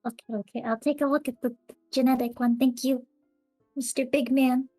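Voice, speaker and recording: A woman's voice: sits high, level tone, moderate pace, dark tone, soft background music, poor audio. A woman playing a tabletop game, speaking hesitantly and repeating herself. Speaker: player. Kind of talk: tabletop role-play chat.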